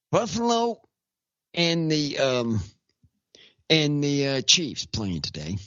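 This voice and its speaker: A man hosting a casual talk show, rambling and repeating himself, with halting restarts, on dull lo-fi audio. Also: medium pitch, fairly bright tone, no room sound. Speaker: radio show host. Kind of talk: casual chat.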